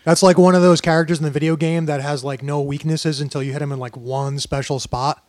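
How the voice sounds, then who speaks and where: A man on a podcast, chatting casually and tossing in quick jokes. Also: fairly high pitch, fairly even intonation, darkish tone, no room sound. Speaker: podcast co-host.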